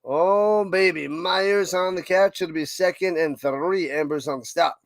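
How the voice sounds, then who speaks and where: A man with a New York accent calls a football game play by play, then chats with his viewers in between. His voice sits a bit high and gets excitable on big plays. The sound is close and dry, with no room echo. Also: normal speed. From United States. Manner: excitable, chatty, reads live chat between plays. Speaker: livestream watch-party host doing play-by-play. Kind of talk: casual play-by-play commentary and chat.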